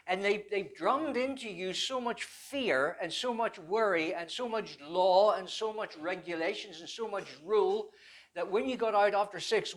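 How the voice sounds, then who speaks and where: An older man with a fairly high voice recounts his life story as a personal testimony. He rambles, stumbles and restarts often, and pokes fun at himself along the way. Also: fairly bright tone. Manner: rambling, halting with many restarts; self-deprecating humor. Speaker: church speaker giving his testimony.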